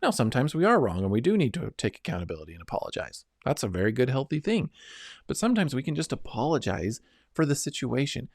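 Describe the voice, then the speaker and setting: A fast-talking middle-aged man with a medium-pitched voice and big pitch swings leads an earnest instructional self-help talk. He guides listeners step by step, checking in with "right?" and "okay?", and the sound is dry and clean, as in a studio.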